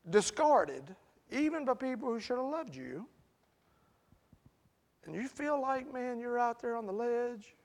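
A man preaching a sermon in a conversational way, asking the congregation questions and building to loud, emphatic peaks. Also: very high-pitched, expressive, measured pace, pauses often.

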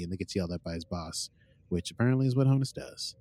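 A man's voice: on the low side, fast, mellow, no room sound. A man hosting a podcast, casually recapping an episode in a playful, jokey way that drifts into silly bits. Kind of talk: casual chat.

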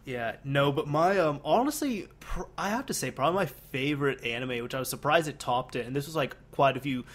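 A young man chatting casually as a podcast co-host, rambling and animated, with many restarts and fillers. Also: medium pitch, fairly quick. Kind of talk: casual chat.

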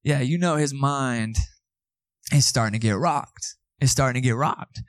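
A man's voice: mid-range voice, unhurried, no room sound, studio quality. A man preaching a sermon as pastor, conversational, with asides to the congregation.

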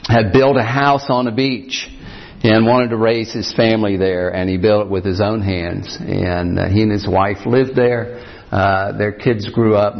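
A male pastor preaching a sermon, telling a story at an unhurried pace with frequent pauses and "uh"s. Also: on the low side, vocal fry. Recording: dull lo-fi church recording.

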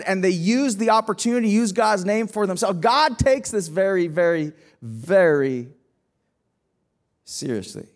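A man preaching a sermon as pastor, emphatic, asking rhetorical questions and often restarting his phrases. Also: high-pitched.

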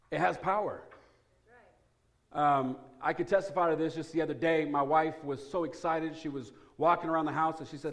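A man pastor delivering a sermon in a church, shifting between quiet, earnest prayer and loud, joking storytelling. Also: on the high side, normal speed. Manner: energetic, humorous, swings from hushed prayer to loud excitement. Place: church sanctuary.

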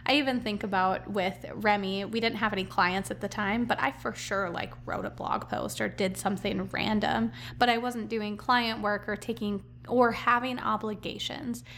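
A woman's voice: mid-range voice, fairly even intonation, moderate pace, hardly any pauses, fairly bright tone, slight background noise. A woman co-hosting a casual podcast chat, talking in a chatty, filler-heavy way and laughing often. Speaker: podcast co-host and business owner.

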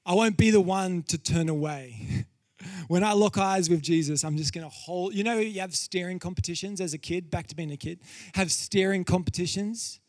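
A man preaching a sermon, telling stories with lively acted-out quotes and dropping low and quiet for solemn points. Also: normal speed, dry recording, clean studio sound. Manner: animated storytelling, acts out quotes with laughs.

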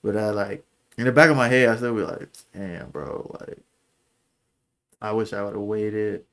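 A man's voice: fairly even intonation, normal speed, gravelly. Young man telling a raw, slangy story. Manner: candid, slangy, lots of "like" and "bro"; emotional, voice drops low and soft when recalling. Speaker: podcast co-host. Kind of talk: casual storytelling.

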